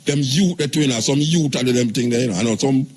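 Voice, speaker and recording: A man's voice: mid-range voice, fairly quick, a little mellow, slightly rough. An older man with a Jamaican accent, talking on live radio in a rambling, emphatic patois.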